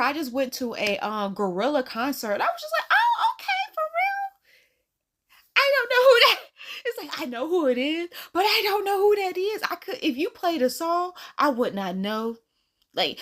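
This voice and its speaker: A woman in her thirties telling a casual storytime to camera, laughing often and acting out the people she quotes. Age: 30s. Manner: animated, laughing, acts out quotes in a higher voice. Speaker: vlogger.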